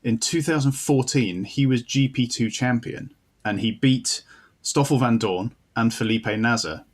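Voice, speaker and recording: A man's voice: mid-range voice, measured pace. Male co-host, dry and contrarian, casual chat. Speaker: podcast co-host.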